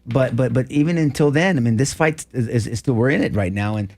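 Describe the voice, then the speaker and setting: Fast-talking earnest man. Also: medium pitch, darkish tone. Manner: earnest, repeats phrases, fast restarts. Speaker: former district attorney, guest. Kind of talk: casual conversational talk.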